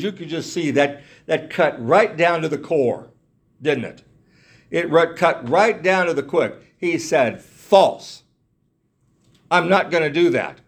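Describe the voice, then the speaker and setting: A man preaching a sermon in an earnest way, repeating himself, restarting phrases and asking his listeners rhetorical questions. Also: fairly high pitch.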